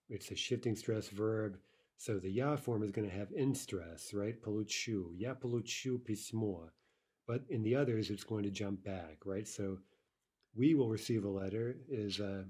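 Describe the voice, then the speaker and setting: A man's voice: on the low side, a little mellow, slightly rough. A man teaching a recorded online language lesson, explaining step by step and often checking in with "right?".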